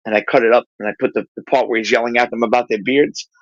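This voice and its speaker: A man hosting a casual livestream chat, telling profane, animated stories. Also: mid-range voice, fast talker, no echo, lo-fi sound. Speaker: host.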